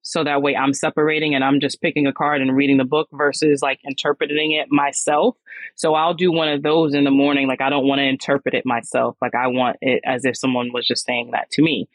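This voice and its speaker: A woman's voice: a bass voice, flat delivery, brisk, no room sound, rough recording. A woman hosting a podcast, telling a personal story in a candid, slangy way with frequent restarts. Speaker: podcast host.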